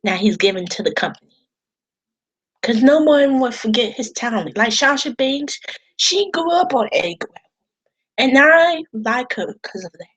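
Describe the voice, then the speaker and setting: Her voice is a little high, husky and animated, moving at a moderate pace on poor-quality audio. The woman, a wrestling vlogger, chats casually to camera about wrestling, repeating herself as she rambles, turning emotional and occasionally cursing.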